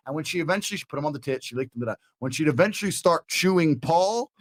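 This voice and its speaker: Dude with a high voice spinning a raunchy funny story, low quick asides then loud bursts, dry close mic. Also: male voice, no room sound. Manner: fast, animated, crude anecdote with shifts between low asides and loud bursts. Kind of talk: comic storytelling.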